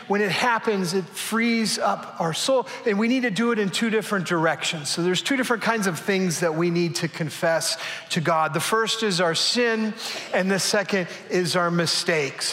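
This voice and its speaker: A man with a notably high voice delivers a sermon in an easy, conversational way. He stays earnest and slips in a bit of self-deprecating humor. His words carry a long, roomy reverb, as if spoken in a big hall. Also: a bit bright. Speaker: pastor.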